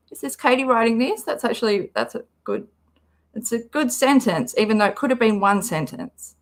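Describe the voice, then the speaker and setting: A woman's voice: on the high side, expressive, normal speed. A woman hosting a live reaction stream, chatting casually and rambling as she reads the chat aloud. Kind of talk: casual livestream commentary.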